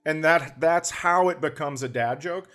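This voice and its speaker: A middle-aged man with a stutter hosts a podcast, telling comedic stories in a casual, animated way. He speaks a little slowly and jumps into high voices whenever he quotes people.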